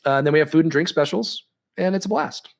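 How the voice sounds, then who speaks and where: A man's voice: a little high, fast talker, creaky. A man co-hosting a casual podcast, rambling and chatty with lots of ums and restarts. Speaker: podcast co-host.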